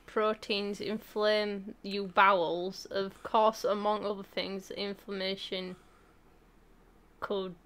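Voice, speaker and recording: A woman's voice: mid-range voice, little pitch movement, takes it slowly, a bit bright. A woman in a casual chat at home with her husband, teasing and contradicting him in a dry way. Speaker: host's wife.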